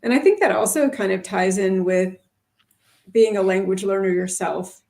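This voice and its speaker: Chatty woman with a gravelly edge. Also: mid-range voice, normal speed, a little mellow. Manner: chatty, thinks aloud with many fillers. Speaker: ESL teacher and co-host. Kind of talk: casual livestream chat.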